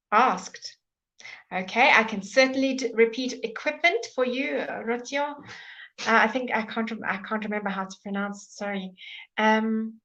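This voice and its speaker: A woman's voice: fairly high pitch, sharp tone, muffled recording. A woman teaching English pronunciation in a live online lesson, patiently repeating each word many times.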